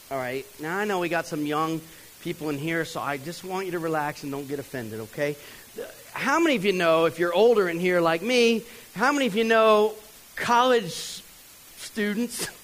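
A man, telling a funny story from the pulpit and talking straight to the crowd. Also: rough recording. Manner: animated, talks to the crowd, mimics others in a higher voice. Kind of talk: storytelling sermon.

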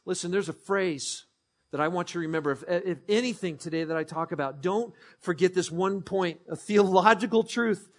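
A man's voice: high-pitched, moderate pace. A man preaching a sermon as pastor, emphatic, repeating phrases and leading the congregation in call-and-response. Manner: emphatic, swings from hushed to ringing, repeats phrases.

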